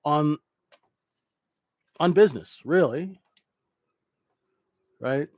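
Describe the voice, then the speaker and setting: A man's voice: on the high side, very animated, a little slow, pauses often, no echo, dull audio. A man teaching a live trading class in a conversational way, who keeps checking in with "right?". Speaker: trading instructor.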